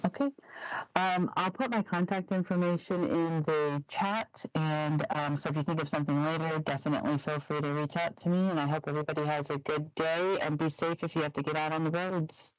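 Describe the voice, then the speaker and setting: A man's voice: on the high side, steady tone, brisk, dry recording, low-quality recording. A man joining a meeting remotely from his office, giving a polite, friendly brief update. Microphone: remote call.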